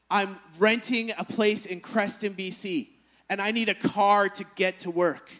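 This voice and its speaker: A man's voice: high voice, fairly even intonation, normal speed, a bit bright. A male pastor preaching a sermon, telling a personal story and then building to emphatic exhortation.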